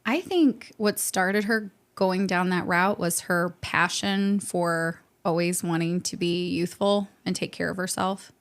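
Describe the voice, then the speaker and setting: A woman's voice: fairly low pitch, a little slow, hardly any pauses. A young adult woman from the St. Louis area, chatting upbeat in a podcast interview as a guest, with frequent laughs and fillers. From St. Louis area, USA. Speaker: guest, med spa co-owner.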